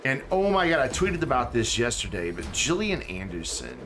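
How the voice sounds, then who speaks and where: A man's voice: mid-range voice, very animated, normal speed, fairly bright tone, slight background noise. A man streaming a game live, chatting loosely and reading chat aloud. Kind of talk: casual live-stream chat while gaming. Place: home room with background music. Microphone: desk mic and webcam.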